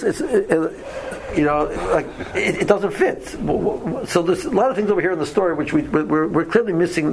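A man's voice: fairly high pitch, creaky, a little hiss or hum, rough recording. A man leading a casual Torah study class, often stumbling over and repeating words, reading Hebrew verses aloud and then explaining them.

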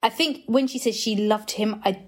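A woman's voice: a little high, steady tone, normal speed. Playful woman comedian guest. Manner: playful, acts out scenes. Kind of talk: casual chat.

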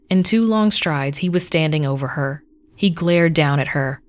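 A woman reading a dark fantasy story aloud in a measured, even voice. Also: low voice. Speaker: narrator. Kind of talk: scripted story narration.

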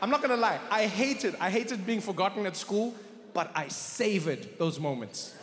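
A man telling stand-up stories on stage, animated and jumping quickly into character voices. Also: high-pitched. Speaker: stand-up comedian. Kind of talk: stand-up storytelling. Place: large theater stage. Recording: live in a large hall with faint noise.

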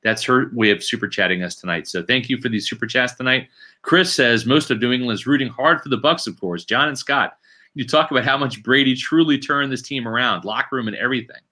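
A man's voice: medium pitch, fairly quick, bright, forceful tone. A man hosting a sports podcast, talking emphatically and often checking for agreement with "right?", and thanking viewers for donations. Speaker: podcast host. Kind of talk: casual sports podcast chat.

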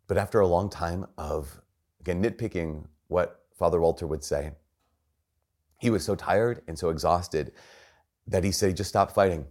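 A man's voice: low voice, moderate pace, darkish tone. A man, a priest, giving a homily as earnest storytelling with emphasis on key phrases.

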